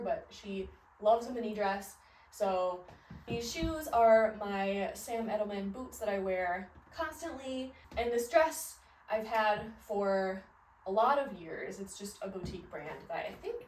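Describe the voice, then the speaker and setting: In a roomy recording with a little hiss or hum, a woman in her thirties talks from a slight distance from the mic. She's a Midwestern fashion vlogger with a medium-pitched voice, casually rambling about clothes in her closet, full of fillers and laughter.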